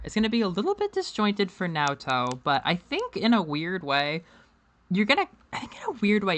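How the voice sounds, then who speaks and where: A woman's voice: on the low side, fairly bright tone. A woman hosting a casual game stream, chatting animatedly and laughing often. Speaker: streamer host. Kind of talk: casual let's-play chat.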